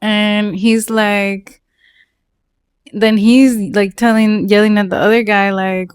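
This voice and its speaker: A woman telling a casual storytime about her own life, animated, swearing and saying "like" often. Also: medium pitch, slow pace, clear, resonant tone, no room sound. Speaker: storytelling vlogger.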